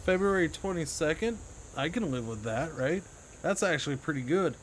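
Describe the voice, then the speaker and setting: A man's voice: fairly high pitch, animated, normal speed, a little hiss or hum. A man casually commenting on his own gameplay during a live stream, talking to himself and sarcastically answering chat. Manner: chatty, self-talking, sarcastic asides to chat.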